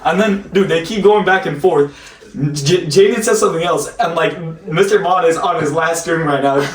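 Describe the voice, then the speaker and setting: Rambling male host, laughs through his stories; a bit high, roomy distant sound. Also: moderate pace. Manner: rambling storyteller, laughs often. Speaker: podcast host. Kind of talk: casual chat. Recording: echoey room, distant mic, faint noise.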